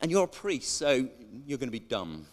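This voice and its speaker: A man's voice: mid-range voice, very animated, moderate pace, close to an everyday voice. A man voicing a stern male angel who scolds with his arms folded. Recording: echoey church hall.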